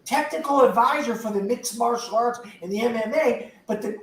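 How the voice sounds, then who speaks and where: A man's voice: very high-pitched, moderate pace. An older man casually and enthusiastically telling a long rambling story about a movie on a panel. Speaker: podcast panelist. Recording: echoey, distant from the mic.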